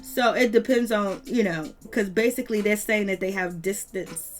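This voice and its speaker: Woman vlogger, mid pitch, emphatic slangy recap talk, piles up repeated phrases. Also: moderate pace, faint music behind. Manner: slangy, emphatic, repetitive lists; retells scenes with quoted voices. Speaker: reality TV recap commentator. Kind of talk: casual recap commentary.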